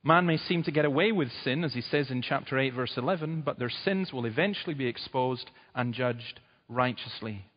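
A man's voice: mid-range voice, normal speed, few pauses. A man preaching a sermon in an emphatic, urgent way, his voice rising sharply at points of stress. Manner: emphatic, urgent preaching with sudden loud rises. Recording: dull sound with long hall reverb.

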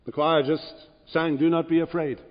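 A man preaching a sermon in a church, speaking slowly and deliberately and building to emphatic high points. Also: little pitch movement. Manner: slow, deliberate preaching that swells to emphatic peaks. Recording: dull church recording with long reverb.

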